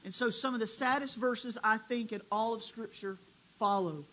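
A preacher delivering a dramatic sermon, swinging between hushed and loud. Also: medium pitch, normal speed, poor audio.

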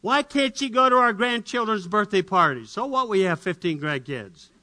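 Man putting on a high, sharp-voiced complaining wife, endless grievances. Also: lively intonation, exaggerated voice. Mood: demanding. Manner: rapid-fire complaining questions. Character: nagging demanding wife, middle-aged woman, complaining.

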